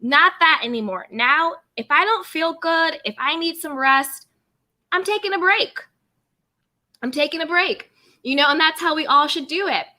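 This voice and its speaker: A woman hosting a casual livestream, greeting viewers by name and reading chat aloud in a bubbly, expressive way. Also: normal speed. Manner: expressive, pitch jumps up high on greetings. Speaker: livestream host.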